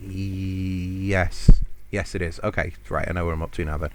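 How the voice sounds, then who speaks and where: A man's voice: sits low, fairly even intonation, measured pace, slight background noise. A man hosting a podcast alone, telling a rambling, self-mocking holiday story with frequent chuckles. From United Kingdom. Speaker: podcast host. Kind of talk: casual solo storytelling.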